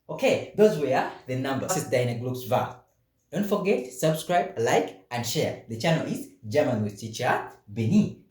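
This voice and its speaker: A man's voice: mid-range voice, expressive, a little mellow, reverberant. A man teaching a beginner German lesson, saying each word several times and asking learners to repeat after him. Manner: drills words slowly, asks learners to repeat.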